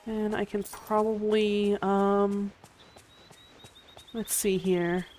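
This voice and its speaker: A woman streamer chatting casually while she plays a game, meandering and hesitant, often dropping to a soft murmur as she focuses. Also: mid-range voice, level tone, extremely slow. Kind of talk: casual gameplay commentary. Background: game music.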